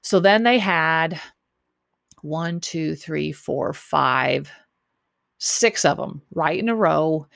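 A woman with a low voice and a gravelly edge talks through a show recap in a loose, rambling way. She leans on fillers and repeats herself as she goes. The sound is dry and close, with no room around it. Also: takes it slowly, fairly bright tone, dry recording. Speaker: podcast host recapping a dating show. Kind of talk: casual chat.

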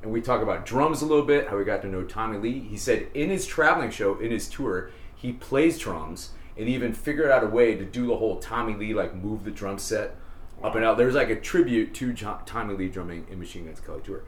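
A man's voice: fairly low pitch, fairly quick. A man hosting a casual podcast with his bandmates, telling a rambling anecdote with laughs. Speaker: band leader and podcast host. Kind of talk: casual storytelling among friends. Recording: roomy mic with faint ambience.

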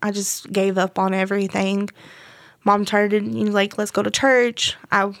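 A woman's voice: mid-range voice, little pitch movement, normal speed, no echo. A young woman from Texas, telling her personal testimony in a rambling way and acting out the dialogue. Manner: rambling storytelling that acts out quoted dialogue. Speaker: guest sharing a testimony.

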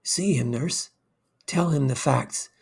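A man voicing a brisk, commanding male surgeon who speaks in clipped orders. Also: medium pitch, gravelly, husky, full character voice. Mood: urgent.

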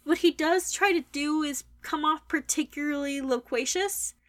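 A young adult woman with a high voice delivers a critical book review monologue. She is opinionated and wordy, picking the writing apart point by point. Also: normal speed, fairly bright tone.

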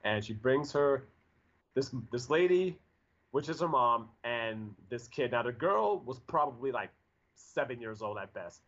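A man's voice: medium pitch, a little slow. Guy in his 40s rambling through a story, lots of um and like, kinda muffled audio. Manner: rambling, animated, lots of fillers and restarts. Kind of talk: casual storytelling chat. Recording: dull lo-fi audio.

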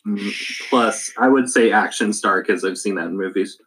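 A man's voice: on the low side, normal speed, fairly bright tone. Casual male tabletop player. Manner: chatty, apologetic, hesitant with fillers. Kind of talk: casual play at a game table.

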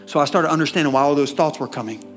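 Brief: male Southern US pastor, high-pitched, animated sermon delivery, faint music underneath. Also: racing. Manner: animated, asks the congregation questions, swings from loud to hushed. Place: church.

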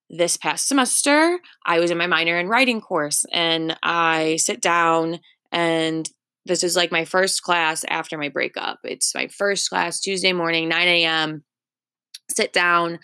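A woman's voice: fairly low pitch, measured pace, pushed and bright, smooth, no room sound, studio quality. A young woman in her twenties telling a story on her podcast, chatty and full of filler words. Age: 20s. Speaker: podcast host. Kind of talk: casual storytelling monologue.

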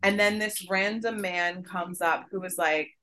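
Woman cohost just chatting, lower voice, swears a lot, tells stories all worked up. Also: a little slow. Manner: profane, animated storytelling. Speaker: podcast co-host. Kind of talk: casual chat.

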